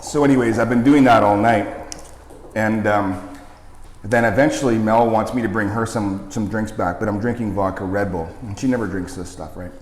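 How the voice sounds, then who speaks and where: A man's voice: lowish voice, steady tone, normal speed, darkish tone, a little hiss or hum. A man, a guest casually telling a rambling, laughing story while eating hot wings. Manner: laughing, swearing, rambling anecdote. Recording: echoey room with long reverb.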